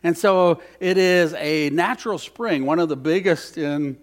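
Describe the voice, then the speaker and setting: A man's voice: on the high side, unhurried. A man preaching a sermon as pastor, earnest and repeating key phrases, leading the congregation in spoken responses.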